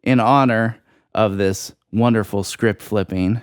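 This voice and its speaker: A man co-hosting a podcast, giving a mock-serious explanation in a dry, ironic, deliberate way. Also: on the low side, fairly even intonation, smooth, no room sound. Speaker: podcast co-host. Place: podcast studio.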